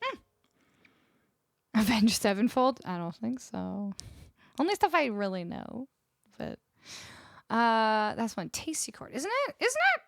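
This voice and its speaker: Bubbly high-voiced woman streamer. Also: expressive, vocal fry, over music. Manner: bubbly and effusive, quick to laugh. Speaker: singer-songwriter streamer. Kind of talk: casual chat with live viewers. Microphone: close studio microphone.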